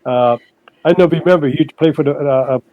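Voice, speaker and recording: An older man, a guest on an interview podcast, telling stories in a halting way that repeats words, and he puts on higher voices for the people he quotes. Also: dull audio. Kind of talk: casual storytelling interview.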